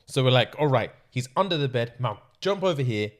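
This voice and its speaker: Animated young man telling a story. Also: mid-range voice, brisk. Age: 20s. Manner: animated, heavy slang, often laughing. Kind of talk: casual storytelling.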